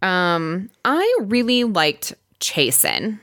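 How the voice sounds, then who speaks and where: A woman co-hosting a podcast, chatting casually and giggling as she recaps a dating show. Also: drawn-out words. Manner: chatty, giggly, animated swoops in pitch. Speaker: podcast co-host.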